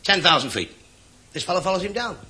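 Give me a man doing deadpan stand-up on a hissy live recording. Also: high voice, fast. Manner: deadpan one-liners with voiced characters. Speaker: stand-up comedian. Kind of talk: rapid-fire joke telling. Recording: noisy live club recording. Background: audience laughter.

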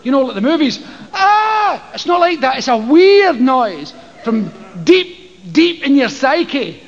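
A man's voice: very high voice, very animated, a little slow. An older Scottish man doing stand-up, telling a profane story and acting out voices and screams. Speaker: stand-up comedian. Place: live comedy venue with an audience. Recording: lo-fi live show with crowd and noise.

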